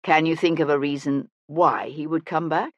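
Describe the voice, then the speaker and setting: Narrator doing a calm wry lord detective, even and dry, close dead sound. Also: male voice, a little high, normal speed, no room sound, dull audio, close to an everyday voice. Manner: calm, even, dryly ironic. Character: cool, wry aristocratic male detective. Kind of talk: audiobook character voice.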